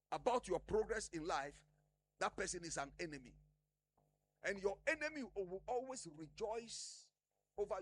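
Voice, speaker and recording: A man's voice: sits high, slight background noise. A man preaching a sermon, emphatic, often asking the congregation a question and answering it himself.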